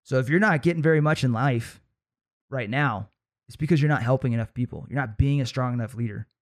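A man's voice: medium pitch, a little fast. Casual storytelling man on a podcast. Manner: casual storytelling, laughs often; acts out quoted voices of family. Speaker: podcast host. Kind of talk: motivational podcast talk.

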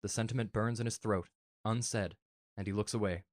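A man earnestly reading a fan story aloud in a soft, emotional way. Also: fairly low pitch, fairly even intonation, moderate pace, no echo, studio quality. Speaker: narrator.

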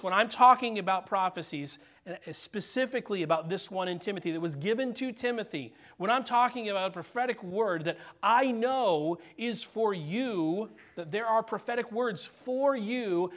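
High-voiced man preaching conversationally. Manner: conversational preaching, frequent "okay?" check-ins, dramatic pauses and soft drops. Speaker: pastor. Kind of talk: sermon.

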